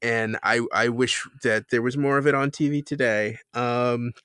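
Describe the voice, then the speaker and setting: In a relaxed podcast chat, this male co-host meanders with fillers and restarts, laughing as he describes a scene. His mid-range voice stays steady at normal speed, fairly bright, clear and resonant. The studio recording is clean, with no room sound.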